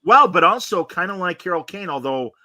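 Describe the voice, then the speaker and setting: A man co-hosting a casual fan chat, opinionated and animated, with frequent restarts. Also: high-pitched, fairly quick. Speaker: podcast co-host.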